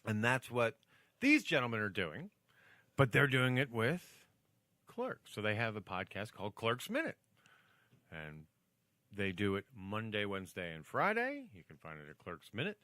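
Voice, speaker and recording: A man's voice: fairly low pitch, wildly swooping pitch, moderate pace, pushed and bright, no room sound. A man hosting a podcast in casual banter, joking and rambling with playful asides. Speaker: podcast host.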